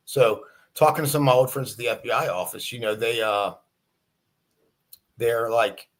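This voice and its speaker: Man, police officer guest; casual and measured, hesitant with fillers. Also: medium pitch. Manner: halting, lots of fillers, measured, sees both sides. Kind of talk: casual livestream chat.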